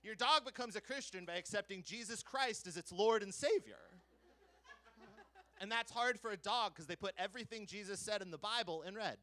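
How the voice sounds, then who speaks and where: A man's voice: high voice, fairly quick, sharp tone. A man telling a stand-up story on a live comedy stage, with laughing asides. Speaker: comedian contestant. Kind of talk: stand-up set.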